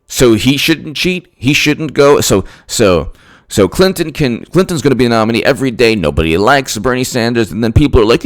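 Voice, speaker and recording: A man's voice: mid-range voice, lively intonation, normal speed. A man giving emphatic political commentary straight to his audience, repeating himself and firing off rhetorical questions.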